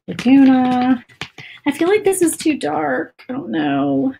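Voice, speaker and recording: A woman's voice: high-pitched, a little slow, gravelly, a little mellow, slight background noise. A woman chatting casually while she paints on a livestream, self-doubting and saying "y'all" often. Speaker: craft livestream host.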